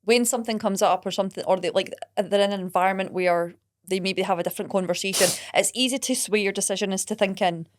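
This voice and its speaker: A woman, a coach talking in a casual podcast chat, quick, earnest and emphatic. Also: medium pitch.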